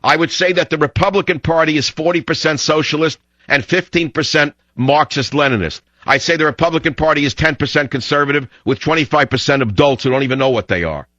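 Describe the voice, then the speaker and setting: Fiery ranting talk radio host. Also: male voice, on the high side, fast talker, hardly any pauses, fairly bright tone, no echo. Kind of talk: radio monologue. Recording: dull lo-fi radio audio.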